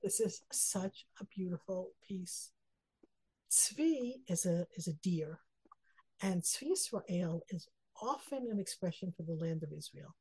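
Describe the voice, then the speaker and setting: Woman, middle-aged, Torah teacher, earnest, reflective, warm mellow tone, slightly husky. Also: on the low side, animated, unhurried, low-quality recording. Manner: earnest, reflective, emotional about the text; mixes Hebrew phrases into English teaching. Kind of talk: text study lesson.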